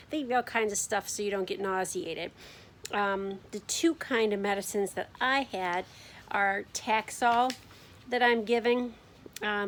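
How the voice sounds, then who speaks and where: A woman sharing her experience in a casual video diary, talking to the camera at home in a tired, unhurried way with frequent ums and yawns. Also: mid-range voice, a little hiss or hum. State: fatigued from chemotherapy. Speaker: vlogger sharing her chemotherapy journey.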